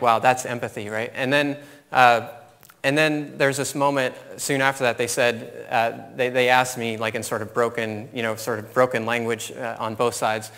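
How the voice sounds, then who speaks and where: Bright-voiced man telling a story in a hall. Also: mid-range voice. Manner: animated storyteller, laughs at his own story. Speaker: conference speaker. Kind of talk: storytelling keynote talk. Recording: long hall reverb.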